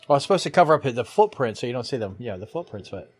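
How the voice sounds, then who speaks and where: A man's voice: medium pitch, very animated, rapid-fire, slightly rough, soft background music. A man making dry wisecracks while watching a friend play a video game. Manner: dry wisecracks, laughs along. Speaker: co-commentator. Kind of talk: casual gameplay commentary.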